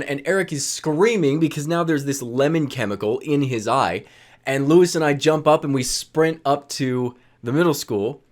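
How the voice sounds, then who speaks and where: This lively young man, a storyteller vlogger, shares stories from high school in a casual way. He stays animated throughout, laughing mid-story and performing what his friends said.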